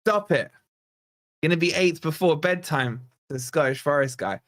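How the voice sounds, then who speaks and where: A man's voice: a little high, normal speed, no echo, clean studio sound. A man hosting a live football fan stream, chatting and reading viewer comments aloud. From England. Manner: reads viewer chat aloud, chatty and excitable. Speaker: fan channel host. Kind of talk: live stream watch-along chat.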